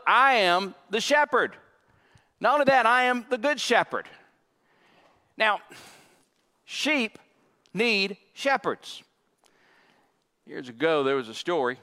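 High-voiced emphatic preacher in a big hall. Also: male voice, sharp tone. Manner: emphatic preaching with dramatic pauses and dry asides. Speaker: pastor. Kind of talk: sermon. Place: church sanctuary. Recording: long reverb of a large hall.

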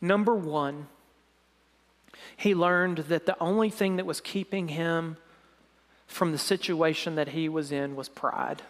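A man preaching, retelling a dramatic story in sermon style and dropping to a soft, low voice at the emotional moments. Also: unhurried, pauses often. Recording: long hall reverb.

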